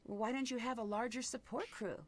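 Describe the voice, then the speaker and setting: A woman voicing a polite, curious young detective in a mystery video game, even and dry. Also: on the high side, a little fast, lightly acted.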